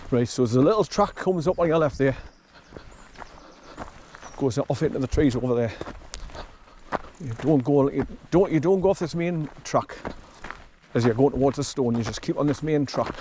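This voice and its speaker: A man's voice: medium pitch, moderate pace, long pauses, warm tone, a little hiss or hum. A man chatting casually while walking his dog along a forest track, rambling and chuckling often, recorded on a camera he carries. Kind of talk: casual walking vlog commentary.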